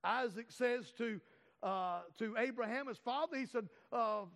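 A man with a high-pitched voice preaches, leaning on words and stretching them out for emphasis. His voice carries a long reverb from a large hall. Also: moderate pace, fairly bright tone. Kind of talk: sermon.

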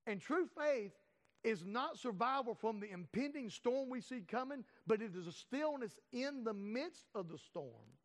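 A man with a high-pitched voice preaches, leaning on words and stretching them out for emphasis. His voice carries a long reverb from a large hall. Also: animated, a little slow. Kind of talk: sermon.

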